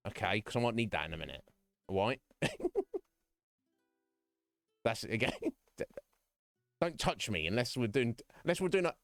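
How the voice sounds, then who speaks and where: A man's voice: mid-range voice, gravelly, dry recording, studio quality. A man live-streaming from home, chatting casually with viewers in a frank, rambling way, often breaking into chuckles. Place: home room.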